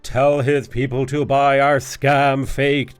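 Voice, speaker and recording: A man's voice: medium pitch, little pitch movement, slow, clear, resonant tone, no echo, faint music behind, natural voice. A man doing a frantic, gasping scam bot. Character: excited male scam crypto bot.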